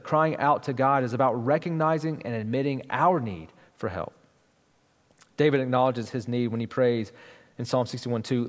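A man preaches a sermon as pastor, his voice sitting at an ordinary middle pitch. He keeps it conversational, tossing asides to the listeners. The sound rings with the long reverb of a large hall.

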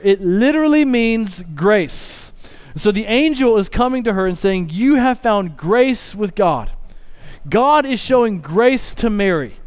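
Male pastor, conversational sermon delivery, light high voice, crisp and clear. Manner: conversational, restarts sentences, reads scripture more quietly.

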